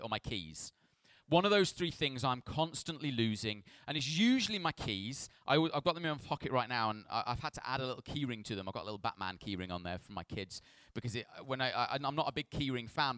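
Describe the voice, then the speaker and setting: A man's voice: medium pitch, a bit bright, no echo. A man, a pastor, reads a Bible passage aloud and then preaches in a chatty, self-deprecating storytelling way. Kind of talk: scripture reading and sermon.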